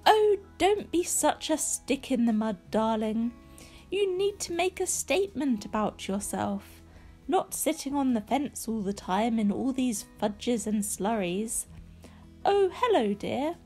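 A woman's voice: on the high side, very animated, slow, dark tone, faint music behind, full character voice. A woman voicing a pushy, cheery middle-aged mother, trilling and gushing. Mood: bossy, then sugary.

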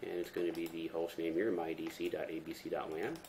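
Walking through a tech tutorial captured as a screen recording, a very low-voiced man speaks fairly quickly but stays relaxed, explaining each step with plenty of fillers like um and uh. Faint background noise and typing accompany him.

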